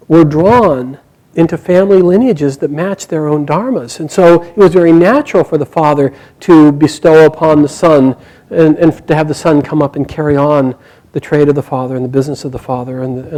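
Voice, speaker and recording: Casual: guy telling an old epic out loud, mellow slightly high voice, expressive with pauses. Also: rough recording. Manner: expressive, warm narration with pauses and restarts. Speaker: storyteller. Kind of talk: oral storytelling of an epic.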